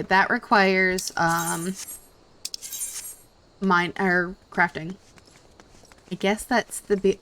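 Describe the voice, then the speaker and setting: A woman's voice: mid-range voice, a bit bright. Giggly woman streamer chatting through a game. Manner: giggly, stumbles over words. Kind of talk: casual gameplay commentary, reading dialogue aloud.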